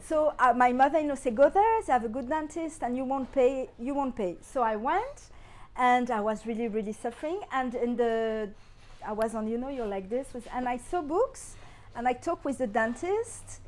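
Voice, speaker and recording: A middle-aged woman whose first language is French speaks English with a clear French accent. Her voice sits high, and she tells her stories to an audience in a lively way, acting out what people said. She laughs often as she goes. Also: normal speed. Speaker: guest speaker. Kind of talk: anecdotal talk to an audience.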